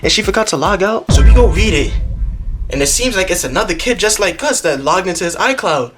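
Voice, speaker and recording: A young man tells a story straight to the camera, slipping into the voices of the people in it. His voice sits fairly high and swings widely in pitch. Soft music plays faintly behind him. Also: expressive, fairly quick. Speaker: vlogger telling a story. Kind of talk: animated storytime.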